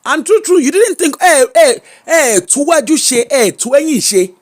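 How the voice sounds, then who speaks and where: A Nigerian woman talks through celebrity gossip as the host of her own show. She is exclamatory and unscripted, throwing in Pidgin and Yoruba asides as she reacts. The delivery is a relaxed, casual commentary. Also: high voice, moderate pace.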